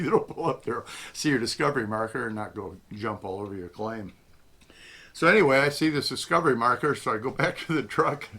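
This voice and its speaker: A man's voice: fairly low pitch, sharp tone, slightly rough. An older man hosting his own channel, telling a rambling folksy story in a casual reminiscing way and chuckling often. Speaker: host.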